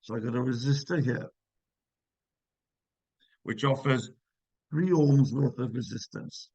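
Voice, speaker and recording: A man's voice: medium pitch, unhurried, dark tone, no echo, muffled recording. A man teaching physics in a live online class, checking students' answers with encouragement and working through problems step by step.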